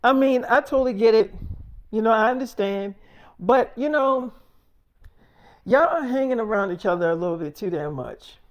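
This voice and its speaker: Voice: medium pitch, animated, normal speed, long pauses, lightly acted. A blunt, scolding mother, as a storyteller puts her on. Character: strict, blunt middle-aged mother.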